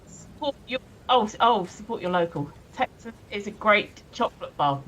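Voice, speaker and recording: A woman's voice: medium pitch, animated, normal speed, a bit bright, highs cut off. A woman co-hosting a casual live stream, giggling often as she reads viewers' messages aloud. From England. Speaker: stream co-host.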